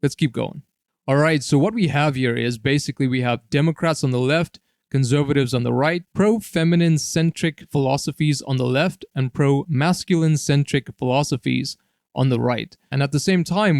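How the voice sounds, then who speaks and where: A man's voice: medium pitch, darkish tone, no room sound, studio quality. A man hosting a solo commentary video, explaining in long repetitive lists and often checking in with "all right?". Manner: repetitive, piles up list phrases, tags "all right?". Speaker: political commentary host.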